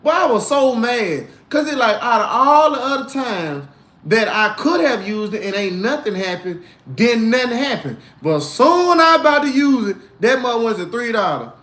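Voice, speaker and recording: A man hosting a casual crypto livestream, animated and slangy, mixing faith talk with tips and reading out comments. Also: moderate pace, echoey room. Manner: animated, swinging from low grumbles to loud outbursts.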